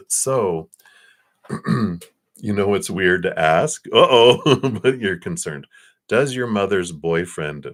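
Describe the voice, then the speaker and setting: A man giving tarot readings live. He talks gently and reassuringly, rambling with fillers and restarts. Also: fairly low pitch. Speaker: tarot reader.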